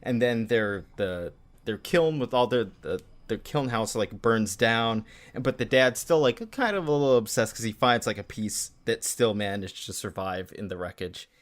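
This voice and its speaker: A man's voice: lowish voice, animated, normal speed. A man co-hosting a podcast, recapping a manga in casual chat with lots of "like" fillers. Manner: rambling, with many "like" fillers. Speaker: podcast co-host.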